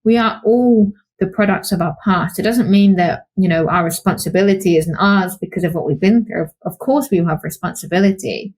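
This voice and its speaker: Women mulher britânica, animada, contando histórias. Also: female voice, fairly low pitch, fairly quick, few pauses, slightly rough. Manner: animated storytelling, acts out quoted voices. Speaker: podcast co-host, psychologist. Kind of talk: casual podcast conversation.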